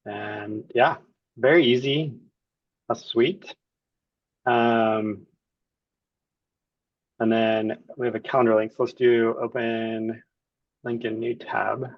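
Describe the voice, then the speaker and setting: A man's voice: mid-range voice, slow pace, pauses often, dry recording, highs cut off. Man casually walking through a demo. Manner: relaxed, thinks aloud while clicking through. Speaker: client. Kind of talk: casual software demo walkthrough.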